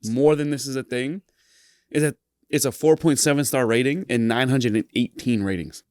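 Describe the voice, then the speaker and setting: A man's voice: medium pitch, moderate pace, darkish tone, dry recording, clean studio sound. A man co-hosting a podcast in casual chat, incredulous and swearing freely. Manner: incredulous, profane banter. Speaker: podcast co-host.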